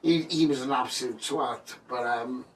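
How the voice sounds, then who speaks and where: A man's voice: mid-range voice, moderate pace. A man telling stories as a guest in a casual chat, sweary and laid-back, often laughing and trailing off. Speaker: podcast guest. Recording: distant mic, faint background noise.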